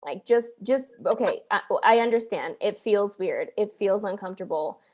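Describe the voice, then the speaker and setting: A woman's voice: mid-range voice, normal speed, a little mellow. Earnest woman podcast host coaching. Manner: earnest, coaching tone with many restarts and fillers. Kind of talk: casual podcast conversation.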